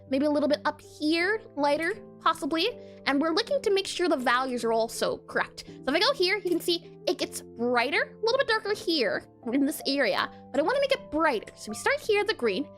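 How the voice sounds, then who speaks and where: A woman's voice: high-pitched, a bit bright. A woman streaming herself drawing pixel art, chatting casually and giggling as she works and answers her chat. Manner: chatty, giggly, reads chat aloud and banters. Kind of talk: casual livestream commentary while drawing.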